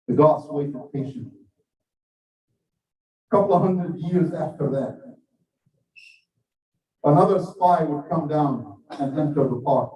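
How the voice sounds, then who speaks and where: A man with a fairly high, mellow voice delivers a sermon, telling a tale slowly and earnestly before urging his listeners on. He sounds set back from the microphone. His words ring out through an echoey hall. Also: recorded from a distance. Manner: measured storytelling, earnest and exhorting. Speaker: preacher giving the Friday sermon.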